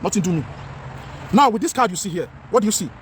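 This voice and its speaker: A man's voice: high-pitched, animated, fast, slight background noise. Impassioned Nigerian man vlogging outdoors. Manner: impassioned, repetitive, mixes Pidgin with English. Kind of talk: outdoor talking-head vlog.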